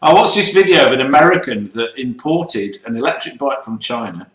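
A man's voice: mid-range voice, expressive, brisk. A middle-aged man co-hosting a casual livestream, telling jokey stories and laughing as he goes. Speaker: co-host. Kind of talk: casual banter on a livestream show. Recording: roomy echo.

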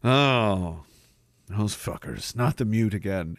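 A man's voice: fairly low pitch, expressive, slow, a bit bright, no room sound, studio quality. A man hosting a podcast, reading out comments in a sarcastic, profane, rambling way. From Canada. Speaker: podcast host. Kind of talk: casual livestream chat reading comments.

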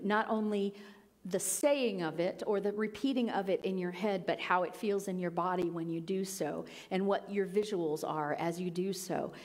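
A woman's voice: mid-range voice, a little mellow. Earnest woman speaker in an echoing hall. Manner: earnest, conversational, with laughs and playful asides. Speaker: spiritual teacher. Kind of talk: sermon-style talk.

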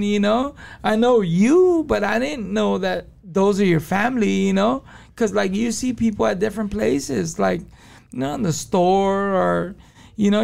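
A man's voice: high-pitched, vocal fry. A man, a podcast guest telling stories in casual slang and acting out other people's lines. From Los Angeles area. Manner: animated, acts out quoted dialogue, heavy slang. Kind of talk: casual storytelling.

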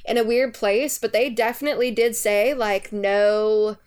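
A woman's voice: a little high, normal speed. A woman with a New York accent, talking animatedly and laughing often in a casual podcast chat. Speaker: podcast co-host.

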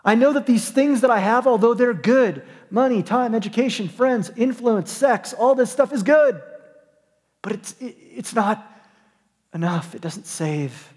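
A man's voice: very high voice, animated, unhurried, a little mellow, long reverb tail. A man preaching a sermon as a pastor, earnest and emphatic, repeating and restarting his phrases.

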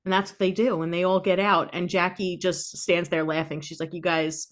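A woman co-hosting a podcast, improvising a spooky story with playful, deadpan narration and quick mock voices for her characters. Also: fairly low pitch. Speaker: podcast co-host.

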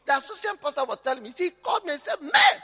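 A male pastor preaching a sermon, impassioned and often shouting, sometimes mimicking his listeners. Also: very high-pitched, animated, very fast, long reverb tail.

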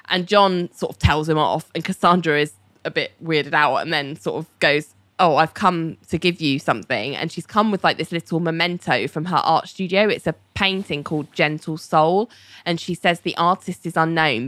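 A woman in casual chat, recapping a story with animated retelling and frequent laughter. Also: low voice, moderate pace, no echo. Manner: animated storytelling, quoting characters, laughing often. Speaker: podcast co-host recapping a TV episode.

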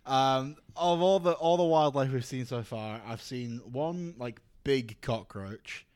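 A Scottish man from Scotland, a podcast guest chatting casually, relaxed and laughing often, with some swearing. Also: mid-range voice, takes it slowly, clear, resonant tone, no room sound, studio quality. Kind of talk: casual chat.

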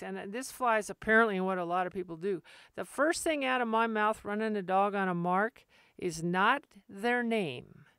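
Woman host for a casual dog-training podcast, plain-spoken and practical, with a clear smooth voice recorded close and dry. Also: medium pitch, no room sound. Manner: direct, practical, acts out quick asides. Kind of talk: casual instructional podcast talk.

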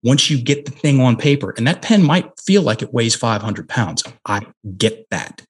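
A middle-aged man, a guest on a podcast, telling a coaching story on a headset mic, emphatic and slowing down to stress key words. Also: mid-range voice, very animated, husky. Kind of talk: conversational storytelling.

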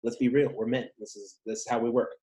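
A man's voice: medium pitch, fairly even intonation, quick pace, warm tone. Man, podcast co-host, casual chat, jokey, self-mocking.

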